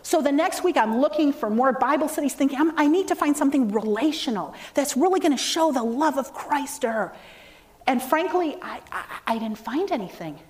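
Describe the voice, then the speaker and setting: A woman's voice: high-pitched, brisk, a little hiss or hum. A middle-aged woman giving a storytelling testimony in church, acting out the voices of the people she quotes. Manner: storytelling with lively acted quotes. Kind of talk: testimony sermon.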